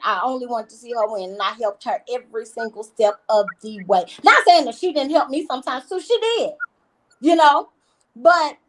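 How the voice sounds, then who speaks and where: A woman, a reality TV guest telling animated stories in a casual interview, with emphatic repetition. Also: high voice, a little hiss or hum, poor audio.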